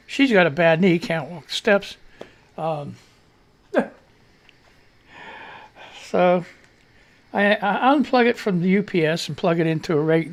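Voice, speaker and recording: A man hosting a live radio show, telling a rambling story in casual chat with fillers and mild cursing. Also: sits high.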